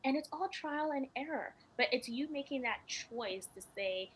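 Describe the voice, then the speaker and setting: A woman's voice: sits high, expressive, normal speed, slight background noise, low-quality recording. A young woman and podcast guest telling personal stories in casual chat, emotional and laughing often.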